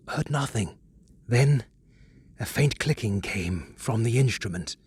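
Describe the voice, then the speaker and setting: A man narrating a horror audiobook in a measured, hushed, dramatic way. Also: mid-range voice, breathy edge, dry recording.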